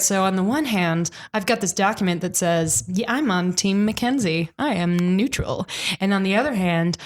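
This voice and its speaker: A woman co-hosting a podcast, chatting casually and acting out characters' lines with lots of energy. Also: medium pitch. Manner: animated, acts out characters' lines. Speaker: podcast co-host. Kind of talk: casual recap chat.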